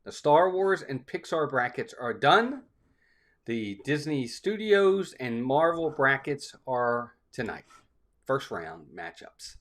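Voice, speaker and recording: A man's voice: mid-range voice, sing-song, slow, a bit bright. A man hosting a live stream in a casual, upbeat way, greeting chat viewers one by one by name.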